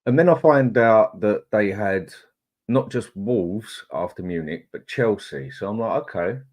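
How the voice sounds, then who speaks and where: A man's voice: fairly low pitch, lively intonation, measured pace, darkish tone. A middle-aged man, hosting a casual live chat, greeting viewers in a chatty, laid-back way. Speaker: livestream host.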